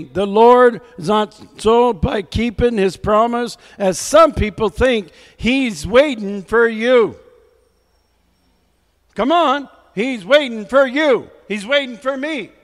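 A man preaching a sermon in a notably high voice, speaking slowly and deliberately. He exhorts his listeners and repeats calls for a response between scripture readings. His voice rings with the long reverb of a big hall. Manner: exhorting, repeats "come on" to rouse the congregation; reads scripture aloud with emphasis.

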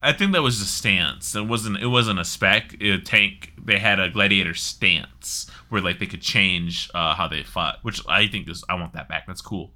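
Male co-host, lowish voice, lively and bright, casual gaming banter. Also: moderate pace, few pauses. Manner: animated, chatty, swears casually. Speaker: podcast co-host.

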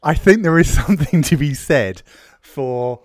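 A man's voice: fairly high pitch, lively intonation, measured pace, no room sound. Wry man on a dry podcast mic. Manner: wry, thoughtful, laughs mid-sentence. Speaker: podcast co-host. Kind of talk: casual chat.

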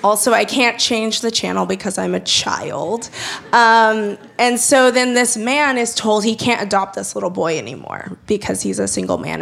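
A young woman telling a personal story in a chatty way, laughing often and acting out quoted lines in lively voices. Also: mid-range voice, creaky.

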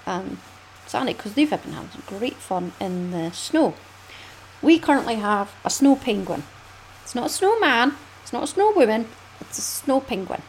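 A Scottish woman hosting a casual knitting podcast, chatty and quick to laugh, often swooping up in pitch. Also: a little hiss or hum, rough recording. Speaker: podcast host.

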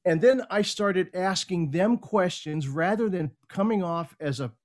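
A middle-aged man speaks as an interview guest, his voice sitting a little higher than most men's. He tells a business story casually and with energy, acting out the lines he quotes. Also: a little slow, darkish tone. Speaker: podcast guest, speaker and coach.

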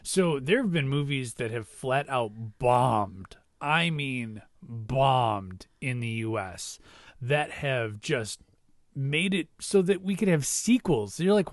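Animated man chatting about movies. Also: medium pitch, slow pace, no echo, studio quality. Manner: animated, jokey, thinks aloud. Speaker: podcast co-host. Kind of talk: casual movie discussion.

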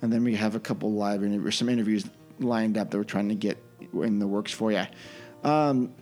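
A man's voice: fairly low pitch, fairly even intonation, brisk, darkish tone, faint music behind. A man hosting a casual podcast, talking loosely with frequent ums and restarts. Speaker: podcast host. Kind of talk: casual chat.

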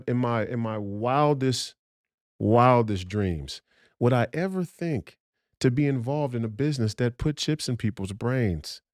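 A man's voice: medium pitch, a little mellow, no room sound, clean studio sound. Profane, combative man ranting. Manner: profane, combative, emphatic with repeated restarts. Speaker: podcast guest. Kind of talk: heated conversational rant.

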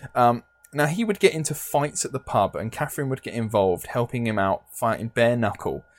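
A man's voice: mid-range voice, animated, brisk. Chatty man telling a story. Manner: laughs often, many "um, now" fillers. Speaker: podcast host. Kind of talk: casual storytelling chat.

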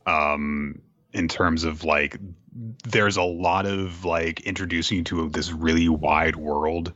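Low-voiced man on a dull mic. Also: slow, no room sound. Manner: relaxed, chuckling, dry humor. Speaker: podcast co-host reading listener questions. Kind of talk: casual chat.

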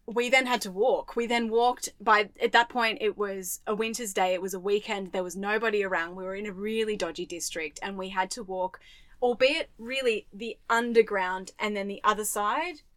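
An Australian woman co-hosting a podcast, telling a travel story in lively detail and acting out the voices she quotes. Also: mid-range voice, normal speed, no echo. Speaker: podcast co-host. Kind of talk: casual chat, storytelling.

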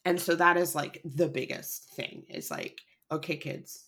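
A woman's voice: low voice, a little slow, fairly bright tone. A woman drama teacher talking in a casual podcast discussion, emphatic and storytelling with lots of fillers. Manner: acts out quoted people.

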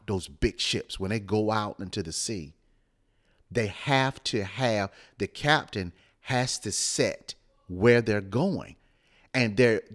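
A man co-hosting a late-night motivational live stream, with a smooth radio-style voice and a preacherly way of repeating phrases for emphasis. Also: lowish voice.

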